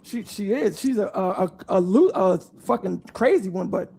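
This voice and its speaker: A man's voice: high voice, gravelly, slightly rough. A man on a live online panel telling a long, profane story and acting out the other voices in it. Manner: animated, profane, fast storytelling that acts out quoted voices.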